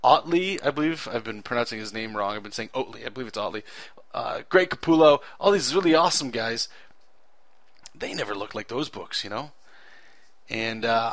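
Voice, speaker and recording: A man's voice: medium pitch, a bit bright, no echo. A man talking casually over his own drawing video, rambling earnestly with frequent self-corrections. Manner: earnest and enthusiastic about clear storytelling. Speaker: artist narrating his drawing process.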